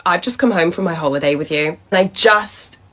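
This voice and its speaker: A woman voicing an entitled, demanding female customer, halting and indignant. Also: on the low side, a bit bright. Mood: whiny.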